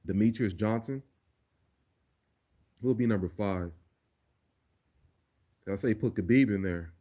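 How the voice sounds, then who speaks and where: A man's voice: lowish voice, slow pace, mellow. A man answering viewer questions on a casual livestream, laid-back and profane, often repeating words as he thinks. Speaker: livestreamer and remix producer.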